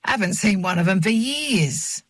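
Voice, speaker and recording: A narrator voicing a gruff, curious old male hardware store clerk who asks blunt questions in a slightly raised, softer voice. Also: high-pitched, expressive, normal speed, dry recording, voice pushed up. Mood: puzzled. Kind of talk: audiobook character voice.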